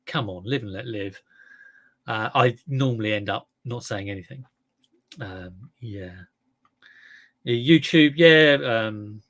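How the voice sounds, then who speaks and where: A man's voice: medium pitch, fairly bright tone. A man hosting a casual livestream, reading chat comments and rambling with lots of restarts and fillers. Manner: rambling, self-correcting, chatty.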